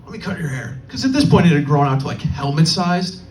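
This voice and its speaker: A young man performs stand-up on a club stage, his voice high for a man and swinging widely as he tells the story. He is picked up from a little way off the mic, with faint room ambience behind him. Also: sing-song, darkish tone, distant mic, a little hiss or hum, rough recording. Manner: storytelling with quick quoted voices. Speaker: stand-up comedian. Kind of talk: stand-up set.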